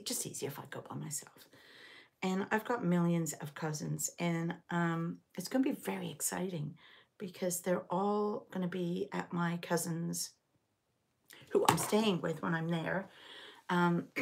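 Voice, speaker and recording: Speaking from home, this knitting channel host, a middle-aged Liverpool woman, leads a relaxed live stitch-along, wandering off on tangents and replying to viewers along the way. She has a lowish, creaky voice.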